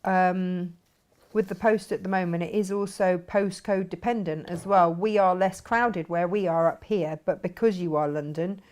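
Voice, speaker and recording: A woman's voice: lowish voice, fairly even intonation, normal speed, darkish tone. Chatty giggly woman hosting a craft stream. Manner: chatty, giggly, reads out viewer comments. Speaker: craft show host. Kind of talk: casual live-stream chat.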